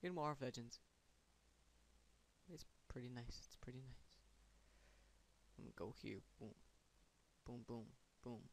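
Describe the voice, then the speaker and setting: A man's voice: mid-range voice, unhurried, pauses often, slight background noise. A man giving casual, rambling gameplay commentary, sarcastic and chanting words under his breath. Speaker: gamer.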